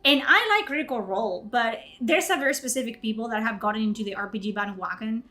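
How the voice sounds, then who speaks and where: A woman's voice: fairly high pitch, quick pace, sharp tone. A young woman streaming live, ranting in casual chat with indignant outbursts and swearing. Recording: faint music behind.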